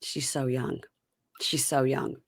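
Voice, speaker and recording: A woman's voice: very deep voice, slow pace, creaky, husky, no echo, studio quality. A woman hosting a podcast, chatting casually and acting out reality TV scenes as she retells them. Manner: animated recapper who acts out the scenes. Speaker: podcast host recapping reality TV. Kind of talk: casual chat.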